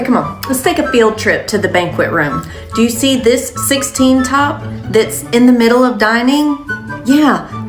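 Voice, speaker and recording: A woman telling comic restaurant stories as a server, sarcastic and deadpan. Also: fairly high pitch. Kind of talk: comedic storytelling. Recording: roomy echo with music.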